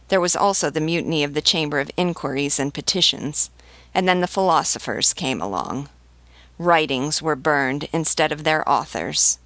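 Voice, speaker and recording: A disdainful old marquis with impeccable breeding speaks in a low, level voice, as a woman reads him aloud. He never presses a word, letting his contempt sit quietly under every calm phrase. The voice sounds close and dry, as in a storybook reading. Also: dry recording. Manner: calm, unhurried, unstressed delivery. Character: aged aristocratic male marquis, calm, scornful, well-bred.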